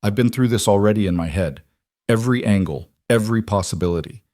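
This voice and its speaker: A worn-down rancher talks in a flat, beaten tone, played by the narrator himself. His voice stays low and close. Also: fast, dry recording, natural voice. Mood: defeated. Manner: flat, defeated. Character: struggling rancher, defeated and raw.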